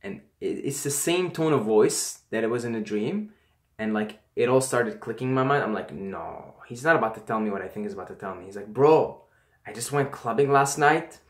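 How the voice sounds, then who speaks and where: A man casually telling personal stories to camera. He talks in an animated way, swears often and acts out what people said. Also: medium pitch, normal speed. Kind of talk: casual storytelling. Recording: echoey room.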